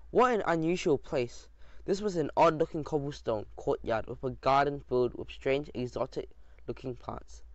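Brief: male audiobook narrator, slightly high voice, expressive kids' storytelling, dull dry lo-fi sound. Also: no echo. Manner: lively, expressive storytelling with small slips. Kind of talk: children's audiobook reading.

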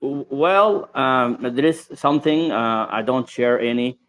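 A man's voice: medium pitch, a little slow, a bit bright. A man calling into a radio show, an Arabic speaker who talks in English, hesitant and evasive, full of fillers. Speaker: caller. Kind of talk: hesitant call-in talk.

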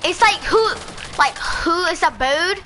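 Excitable high-voiced young woman gaming. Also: measured pace. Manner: excitable, teasing. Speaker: player. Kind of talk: casual game chat. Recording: noisy game audio behind.

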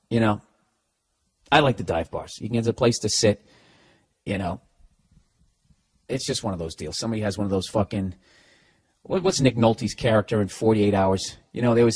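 A man's voice: mid-range voice, breathy edge. A middle-aged man hosting a podcast, delivering a profane, sarcastic, rambling comedic rant. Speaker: podcast host. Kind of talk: ranting comedic monologue.

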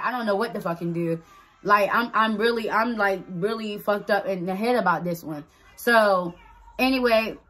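A woman vlogger telling a personal story in a casual, blunt way, swearing freely and acting out what people said. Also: medium pitch. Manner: animated, blunt, swears freely, acts out dialogue.

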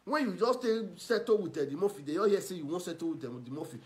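Male online commentator, Nigerian Pidgin accent, scornful ranting delivery, fairly high pitch. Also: lively intonation, brisk, few pauses. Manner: mocking, scolding, swings loud and soft.

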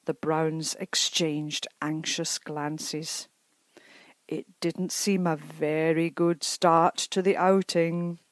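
A woman's voice: low-pitched, no echo. A woman reading a children's picture book aloud as a storyteller. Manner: slow, lively storytelling.

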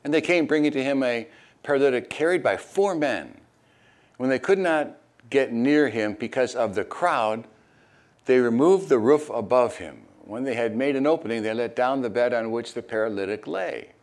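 An older man, a retired pastor, preaching a sermon and reading scripture, with hesitant asides full of fillers and sudden animated bursts. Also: moderate pace. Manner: animated, jumps high and loud when acting out crowd voices.

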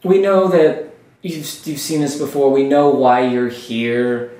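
A man voicing a calm woman who leads a group of armed guards, speaking slowly and evenly. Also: medium pitch, natural voice. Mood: composed. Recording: roomy room, distant mic.

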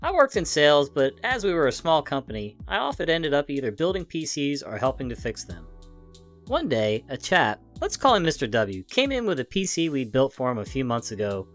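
A man narrating funny internet stories in a lively, expressive way. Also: fairly high pitch. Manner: lively, expressive, acts out the dialogue. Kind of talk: reading internet stories aloud.

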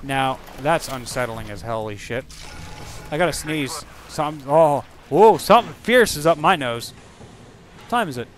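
A man giving casual let's-play commentary over a video game, excitable and profane, breaking into silly rhymes and sound effects. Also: fairly high pitch, a little slow. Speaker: gaming channel host.

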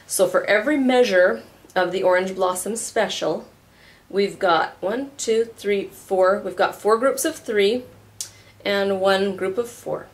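A woman with a fairly low voice leads a violin lesson. She explains patiently and counts beats aloud as she goes. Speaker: violin teacher. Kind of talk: instructional tutorial.

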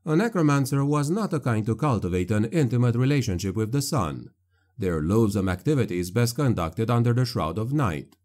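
A man narrating a dark fantasy audiobook in a measured, grave manner. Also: medium pitch, very animated.

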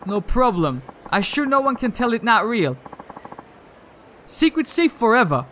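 A man's voice: extremely high pitch, sing-song, unhurried, bright, forceful tone, slight background noise, full character voice. A man voicing a shady forger in a video game, speaking in clipped broken English. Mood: curt. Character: shady male forger, curt.

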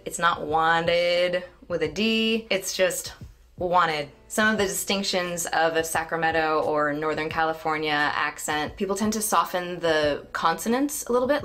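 A woman's voice: lowish voice, fairly bright tone. A woman dialect coach analysing accents in film clips, demonstrating the vowels and consonants as she explains them. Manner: demonstrative, imitates sounds.

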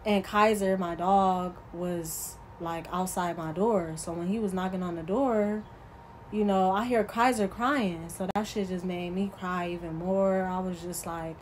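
A woman's voice: lowish voice, steady tone, a little slow, a little hiss or hum, low-quality recording. A woman vlogger telling a casual storytime, profane and emphatic, talking straight to her viewers.

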